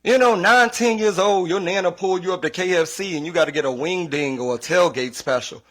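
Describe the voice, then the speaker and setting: Animated, profane podcast host, man. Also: high voice, fairly quick. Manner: profane, animated storytelling with quoted voices. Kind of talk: casual comedic podcast rant.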